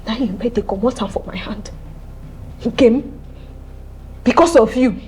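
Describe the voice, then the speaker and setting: A woman voicing a young Nigerian older sister who scolds and accuses in a high voice. She sounds worn down by hardship and turns her anger on her sibling. Faint room noise sits under the film dialogue. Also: unhurried, darkish tone, natural voice. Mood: bitter. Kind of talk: Nollywood film acting.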